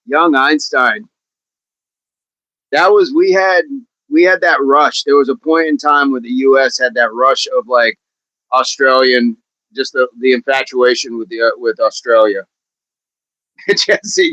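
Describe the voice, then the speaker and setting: Man, livestream host, rambling casual chat, mid-pitched voice, dry close sound. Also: bright, forceful tone, no room sound, low-quality recording. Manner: chatty, rambling, laughs often, reads out chat.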